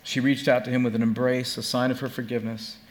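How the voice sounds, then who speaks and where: A man preaches a sermon in an earnest storytelling manner, pausing and restarting mid-phrase as he goes. He shifts between telling the story and leading a prayer. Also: mid-range voice, level tone. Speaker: pastor.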